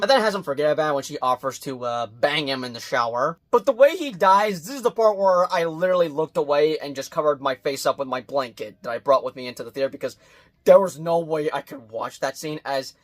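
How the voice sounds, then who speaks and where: A man doing a casual movie review vlog, talking bluntly and swearing, swinging between loud outbursts and quiet muttered asides. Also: a little high. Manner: blunt and profane.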